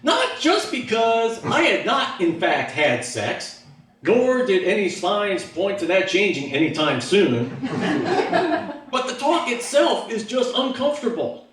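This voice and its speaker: A man doing stand-up, telling a story about himself and acting out the voices in his head with big jumps in his pitch. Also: sing-song, slow pace, a bit bright. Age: adult, looking back on his teens. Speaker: stand-up comedian. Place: stage in a hall with an audience. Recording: echoey hall, mic from far off.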